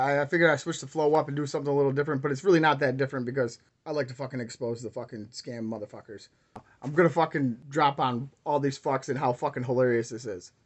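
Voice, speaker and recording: Casting note: a man as a rambling, profane vlogger with a middle-pitched voice, heated and swearing nonstop. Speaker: crypto YouTuber. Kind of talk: profane ranting vlog.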